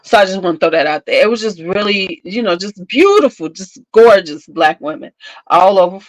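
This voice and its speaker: Over a rough recording, a woman in her fifties speaks at normal speed with a medium-pitched, lively voice. She hosts a beauty channel and is doing a relaxed livestream from home, full of anecdotes, frequent laughter and back-and-forth with viewers.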